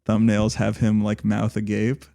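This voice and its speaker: A man's voice: lowish voice, monotone, measured pace, creaky, dark tone. A man co-hosting a podcast, talking casually and rambling, with many fillers and restarts. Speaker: podcast co-host.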